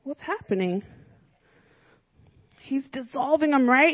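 A woman with a high voice leads a Bible lesson for children, keeping it animated with constant questions. The sound is dry and close, a little muffled and lo-fi. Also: moderate pace, dry recording. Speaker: children's church teacher.

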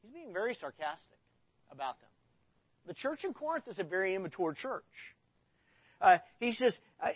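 Middle-aged male pastor, high voice, preaching with dramatic emphasis; dry, muffled lo-fi recording. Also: moderate pace, pauses often, slightly rough, no echo. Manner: animated, dramatic scripture reading with sudden loud bursts. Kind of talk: sermon.

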